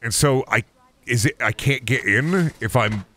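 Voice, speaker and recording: A man's voice: mid-range voice, unhurried, pushed and bright, slight background noise. A man streaming a video game and commenting live, talking in a profane, repetitive, often exasperated mutter.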